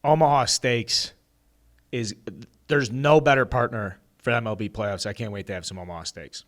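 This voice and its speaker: A man co-hosting a baseball podcast, talking casually and reading an ad in an excitable, rambling way with some swearing. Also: mid-range voice, moderate pace. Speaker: podcast co-host. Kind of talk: casual sports podcast chat with ad read.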